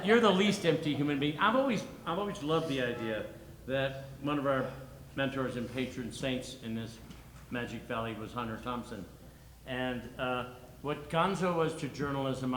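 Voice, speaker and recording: A man's voice: mid-range voice, normal speed, few pauses, a bit bright, slight background noise. Wry male panel moderator. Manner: teasing, wry interjections. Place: gallery panel before an audience. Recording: echoey gallery hall.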